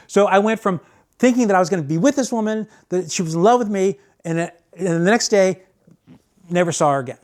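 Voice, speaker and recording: A man's voice: high voice, lively intonation, fast talker, a little mellow. A man telling a candid personal story, rambling with restarts and acting out quoted voices.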